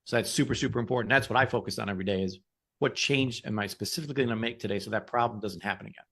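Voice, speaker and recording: A man's voice: fairly low pitch, rapid-fire, gravelly, fairly bright tone. A man co-hosting a motivational podcast, talking in an upbeat, encouraging way and often repeating words. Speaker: podcast co-host. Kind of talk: casual motivational chat.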